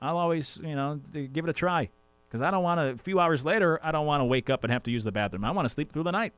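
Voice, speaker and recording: Man, sports radio host, casual monologue, chatty, fairly high voice, dry close mic. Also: lively intonation, fast talker, fairly bright tone, clear, resonant tone, no room sound. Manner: chatty, rambling, jokey asides.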